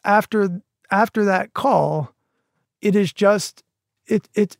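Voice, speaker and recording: A middle-aged man talking in a casual podcast conversation, earnest and halting, with frequent restarts. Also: high-pitched, creaky, no room sound, studio quality. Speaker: podcast guest.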